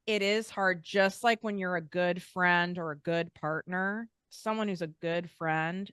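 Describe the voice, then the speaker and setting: Frank woman host with a smooth, low voice. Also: fairly even intonation, measured pace, hardly any pauses, fairly bright tone, no room sound, clean studio sound. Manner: direct, frank, encouraging. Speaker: host and sales coach. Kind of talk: interview chat, coaching.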